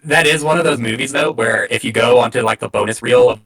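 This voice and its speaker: A man's voice: medium pitch, fast, vocal fry, a bit bright. A man chatting eagerly as a podcast guest. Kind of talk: casual chat.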